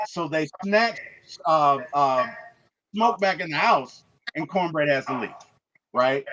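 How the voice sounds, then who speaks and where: A man with a high voice hosts a movie review. He retells the plot with wide, lively swings in pitch, and he keeps checking in with "right?". The recording is slightly muffled, with a faint hiss underneath. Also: takes it slowly. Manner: emphatic, repeats points with "okay?" and "right?".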